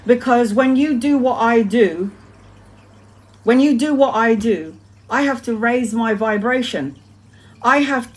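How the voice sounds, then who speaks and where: A woman in her forties talks straight to her viewers in a loose, unscripted live-stream monologue. Her voice sits a little high. She is emphatic, says things twice for weight, and swears casually. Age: 40s. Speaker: tarot reader.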